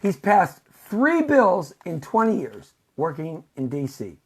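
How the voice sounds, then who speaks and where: A woman hosts a political talk show in a sarcastic, rambling rant full of stammers and repeats. Her voice is husky and breathy. Her pitch swings widely as she goes. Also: huge pitch swings, unhurried, few pauses. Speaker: host.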